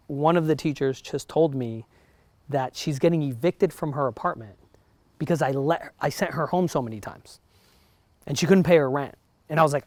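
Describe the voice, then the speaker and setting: Brisk and animated, a slightly high male voice with a New Jersey accent fills this motivational talk to a live group of realtors, recorded without echo. The broker keeps it chatty and repeatedly checks in with his audience.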